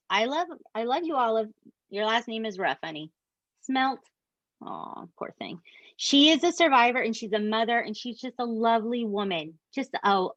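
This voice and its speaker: On a dull, dry podcast mic with no room sound, a woman with a slightly high voice hosts a casual true-crime chat. She's animated and foul-mouthed, making emphatic asides to her co-hosts as she tells the story.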